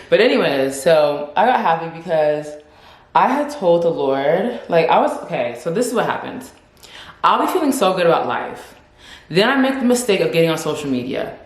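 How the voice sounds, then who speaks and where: A young woman vlogging in a casual, animated chat, laughing often as she talks. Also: fairly low pitch, moderate pace, echoey room.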